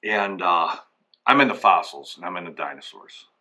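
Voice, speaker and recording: A man's voice: low voice, expressive, normal speed, pushed and bright. A man telling a rambling comedic story, acting out both sides of each conversation. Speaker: comic storyteller. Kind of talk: comedic anecdote monologue.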